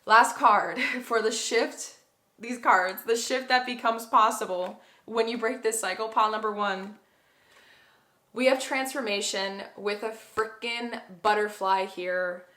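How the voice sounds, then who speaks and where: A woman's voice: fairly high pitch, steady tone, unhurried, sharp tone. A young woman giving a pick-a-card tarot reading to viewers, emotional and effusive, often exclaiming over the cards. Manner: gushing, emotional, addresses viewers as guys.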